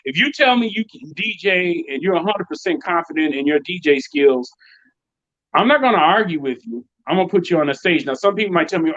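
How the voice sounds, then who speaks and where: A man's voice: fairly high pitch, fairly quick, no echo. A male DJ and producer from Chicago, chatting in a casual interview and acting out the voices of the people in his stories. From Chicago, United States. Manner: animated, acts out quoted voices. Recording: dry, dull lo-fi sound.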